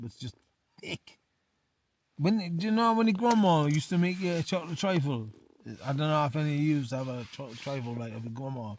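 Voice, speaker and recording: Brief: man, slightly drunk, chatty vlogger, fairly high voice, close mic in a tent. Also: a little mellow. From England. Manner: chatty, says "mate" constantly, repeats himself. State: tipsy. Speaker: outdoor vlogger. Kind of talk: casual beer review to camera. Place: small tent in winter hills.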